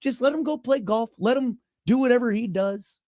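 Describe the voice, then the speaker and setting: A man's voice: extremely high pitch, brisk, a little mellow, no room sound, studio quality. A man hosting a morning radio show, rambling and joking in casual banter with a co-host. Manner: rambling, joking, self-mocking.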